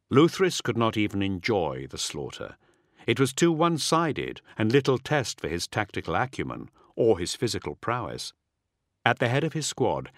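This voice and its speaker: A male audiobook narrator reads with dramatic, expressive delivery. His low voice swings widely in pitch. The recording is dry and close, with no room sound. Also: dry recording. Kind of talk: scripted narration.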